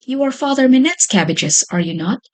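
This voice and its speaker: An earnest, polite young boy, a woodcutter's son, speaking in a light, slightly raised voice, as a woman storyteller puts him on. He sounds sincere and quick, like a boy in a storybook. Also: sits high, lively intonation, voice pushed up.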